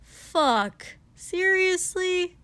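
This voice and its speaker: A woman reading the part of a brash, domineering young man, gruff and commanding. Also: very high voice, animated, extremely slow, pushed and bright, no room sound, voice pushed up, exaggerated voice.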